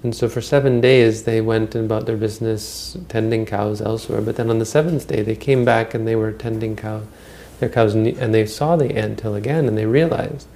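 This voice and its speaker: A man's voice: lowish voice, steady tone, moderate pace, creaky, few pauses, dark tone. A man giving a Buddhist dharma talk, retelling old stories in a rambling, conversational way with frequent restarts. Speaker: Buddhist teacher.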